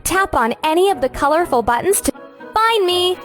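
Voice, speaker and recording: Annie, a sunny farm guide. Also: female voice, extremely high pitch, lively intonation, over music. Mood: sunny, encouraging. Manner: slow, sing-song, encouraging. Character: cheerful young woman farmer guiding kids. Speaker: game guide character. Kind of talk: scripted children's game voice-over.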